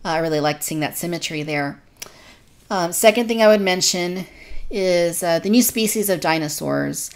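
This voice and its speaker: A woman's voice: fairly low pitch, normal speed. A woman co-hosting a casual podcast discussion, reviewing in an earnest, detailed way. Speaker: podcast co-host.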